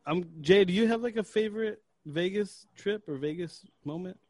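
A young man co-hosting a casual podcast tells a story packed with swearing, acting out his own breathlessness along the way. His voice sits high with a darkish tone, and he speaks at a moderate pace. There is no echo.

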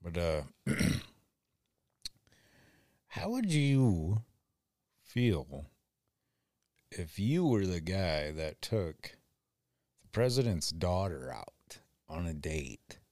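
A man's voice: low voice, big pitch swings, very slow, long pauses, dark tone, no room sound, clean studio sound. A man co-hosting a casual podcast, laid-back and laughing often, swearing freely as he tells stories from work. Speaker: podcast co-host. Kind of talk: casual chat.

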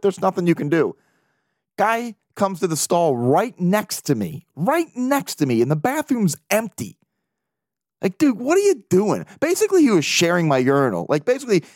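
A man's voice: on the high side, dry recording, studio quality. A man hosting his own podcast, telling rambling, jokey stories in casual chat. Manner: rambling, jokey storytelling with laughs. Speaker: podcast host. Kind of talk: casual solo podcast monologue.

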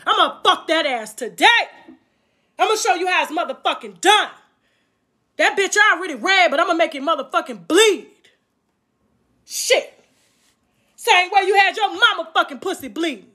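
High-voiced woman ranting on a livestream. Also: pushed and bright. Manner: taunting, crude, mocking with laughter. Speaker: livestream host. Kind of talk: profane livestream rant.

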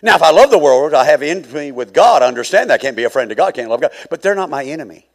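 Male pastor, sermon, high lively voice, hushed to shouting, long church-hall reverb. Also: very fast, vocal fry. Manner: swings from hushed asides to fervent shouting.

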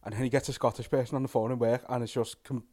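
Scouse man, easygoing podcast chatter, mid-pitched. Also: little pitch movement, racing, dark tone. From Liverpool. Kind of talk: casual chat.

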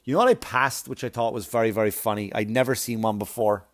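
A man doing stand-up, telling a long story in a profane, animated way with laughing asides. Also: fairly low pitch, quick pace. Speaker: comedian.

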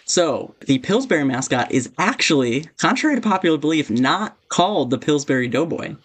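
A man's voice: a little high, fairly quick. Laid-back man hosting a trivia game. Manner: relaxed, laughing, apologetic asides. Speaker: quiz host. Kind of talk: casual game show hosting.

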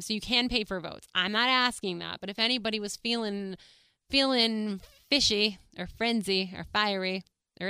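A woman's voice: medium pitch, sharp tone, smooth, dry recording. A woman hosting her own podcast, chatting casually and bubbly with lots of fillers and laughs, from a small studio. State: out of breath. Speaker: podcast host. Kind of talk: casual solo podcast chat.

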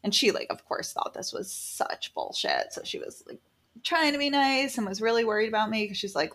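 A woman casually telling a personal story, animated and quoting people in lively voices. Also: fairly high pitch, fairly quick.

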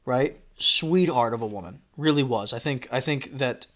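A man hosting a casual podcast chat, telling a story with lively acted-out quotes. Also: medium pitch, moderate pace. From Florida. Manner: animated, acts out shouted quotes. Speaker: podcast host.

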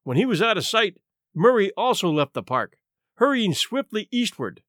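A man narrating a classic short story, reading in an expressive, measured way. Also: sits high, dry recording, clean studio sound. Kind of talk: scripted audiobook narration.

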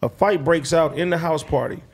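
A man's voice: a little high, moderate pace, slightly rough. A man telling a long personal story in casual, slang-heavy, swearing chat.

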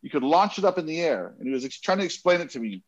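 A man telling a casual, rambling anecdote in an animated way, often restarting his sentences. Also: fairly high pitch, fast talker, highs cut off. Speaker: guest telling a story.

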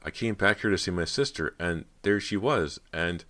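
A man voicing a frightened teenage girl actress in an audiobook, speaking haltingly and hesitantly. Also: low voice, pushed and bright, pitched above the performer's own voice. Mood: shaken. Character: shaken teenage girl actress, timid and fragile.

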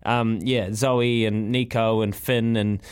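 A man's voice: on the low side, level tone, slow pace, clean tone. A man with a New Zealand accent hosting a breakfast radio show, chatting in an enthusiastic, rambling way with many restarts. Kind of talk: casual radio chat.

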